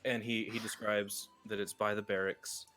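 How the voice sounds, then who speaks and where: Low-voiced man running a tabletop game. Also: level tone, moderate pace, sharp tone, faint music behind. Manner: rambling, casual, with many fillers. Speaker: game master.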